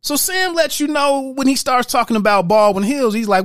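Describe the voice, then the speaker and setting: High-voiced man recapping a movie casually. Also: lively intonation, moderate pace, few pauses, a bit bright, dry recording, clean studio sound. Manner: loose, profane, retells scenes with quoted dialogue. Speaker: movie reviewer.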